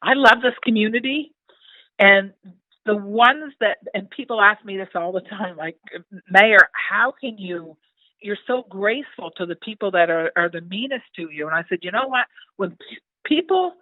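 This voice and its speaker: A woman's voice: medium pitch, expressive, moderate pace, no echo. Older woman, town mayor, earnest and heartfelt, phone-line audio. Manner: earnest, heartfelt, with frequent restarts. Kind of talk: casual interview chat.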